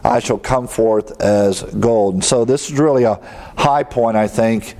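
A man's voice: mid-range voice, steady tone, measured pace, warm tone. A man preaching a Bible teaching sermon, explaining scripture in a conversational way with fillers and asides.

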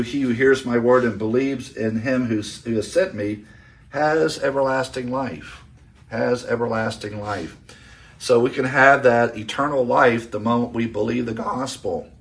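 A man preaching an expository sermon in a teacherly way, quoting scripture and pausing with frequent fillers. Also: mid-range voice. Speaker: pastor.

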